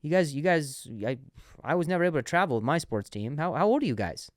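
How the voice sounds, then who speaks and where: A man's voice: fairly high pitch, animated, fast talker, no echo, clean studio sound, pitched above the performer's own voice, close to an everyday voice. A man voicing a friendly old man of about sixty making hesitant small talk. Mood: eager.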